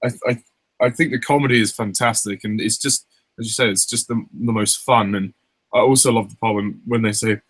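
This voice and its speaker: A young man reviewing films in a casual chat, relaxed and agreeable, quoting lines from the films. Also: fairly low pitch, fairly quick, husky, no room sound. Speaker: film reviewer.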